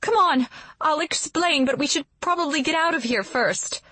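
A woman reading a novel aloud, voicing a bold young woman who shouts down eagerly from a dragon in a high, bright voice. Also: moderate pace, no room sound. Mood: urgent. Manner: shouting, urgent and upbeat.

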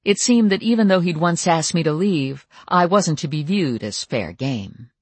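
An audiobook narrator reading a first-person fantasy story in a steady, even manner. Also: medium pitch, moderate pace, husky, no room sound.

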